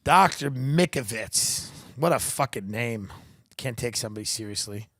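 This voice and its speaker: A man's voice: fairly low pitch, fairly even intonation, brisk, fairly bright tone, no room sound, studio quality. A man hosting a comedy podcast, riffing in a profane, sarcastic, rambling monologue.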